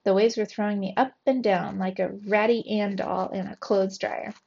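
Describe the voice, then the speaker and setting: A woman, a teacher, narrating a children's storybook aloud with lively expression. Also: mid-range voice, normal speed, creaky, breathy edge, muffled recording.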